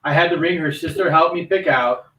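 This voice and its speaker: Producer reading letter aloud, plain steady voice, lightish pitch, off mic. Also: male voice, brisk, reverberant, distant mic, low-quality recording. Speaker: show producer reading viewer question.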